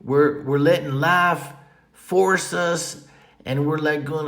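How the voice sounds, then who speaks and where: Slightly high and a bit bright, this podcast host's voice has little pitch movement and a somewhat slow pace. He rambles off topic in a folksy, joking way late at night at home, a fan running in the room.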